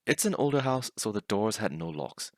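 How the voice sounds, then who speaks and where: A man's voice: fairly low pitch, very animated, moderate pace, darkish tone, dry recording, studio quality. A man casually narrating funny stories and often laughing as he reads. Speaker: storyteller reading online stories.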